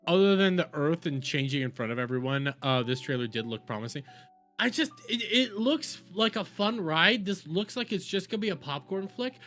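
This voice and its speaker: A man's voice: a little high, expressive, normal speed, a bit bright, soft background music. A young adult man giving profane, rambling reaction commentary as a video host.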